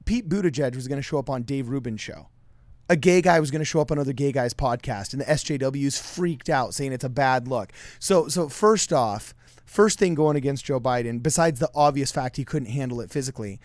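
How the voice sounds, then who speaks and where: A man co-hosting a casual political chat over a call, animated and argumentative. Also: mid-range voice, no room sound. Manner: animated, argumentative, laughs while talking. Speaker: podcast co-host.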